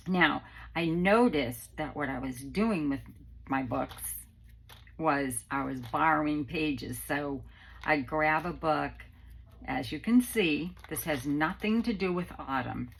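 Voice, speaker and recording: Slow, gravelly woman chatting. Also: sits low, slight background noise, rough recording. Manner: chatty, rambling with many ums, warm toward viewers. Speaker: craft channel host. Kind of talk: casual chat to viewers.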